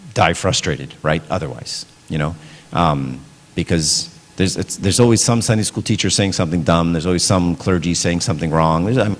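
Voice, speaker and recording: A middle-aged man giving a casual parenting talk at church, conversational, often asking "right?". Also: low-pitched. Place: church hall. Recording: long hall reverb.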